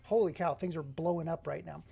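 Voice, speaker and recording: A man's voice: fairly high pitch, fairly even intonation, fairly quick, vocal fry, dark tone, a little hiss or hum. A man hosting a casual live stream, chatting to viewers and greeting them by name. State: runny nose. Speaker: livestreamer.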